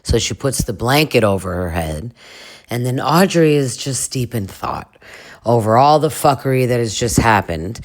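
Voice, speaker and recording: A woman's voice: very deep voice, expressive, moderate pace. A woman hosting a comedic reaction video, narrating reality TV in a crude, sarcastic, chatty way.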